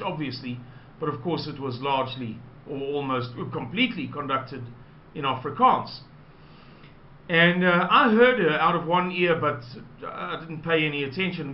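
A South African man tells a personal story slowly and on purpose, wandering as he goes, his pitch a little high. The sound is roomy and somewhat dull, and a faint hiss sits beneath his voice.

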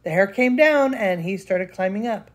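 An older woman, a grandmother, reading a picture book aloud with lively expression. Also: mid-range voice, moderate pace. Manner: expressive, laughs between lines. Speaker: storyteller.

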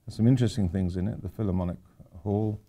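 A man's voice: on the low side, fairly even intonation, quick pace, warm tone. An older man giving an informal architecture lecture to students, rambling with wry, self-deprecating asides. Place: lecture hall at a university.

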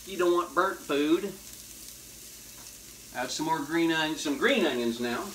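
A man with a fairly high voice talks a little slowly while doing a cooking segment at a home stove; he's a horror movie host with a folksy, jokey style and hip slang. Food sizzles and fries loudly behind him, and there's a slight hiss or hum.

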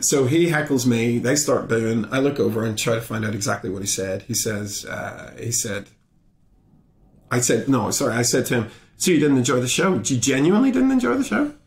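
Man, animated storytelling, acts out the dialogue, casual and sweary, middle pitch, echoey room. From Belfast, Northern Ireland. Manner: animated retelling, acting out both sides of the exchange. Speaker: guest comedian. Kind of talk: conversational storytelling in a podcast interview.

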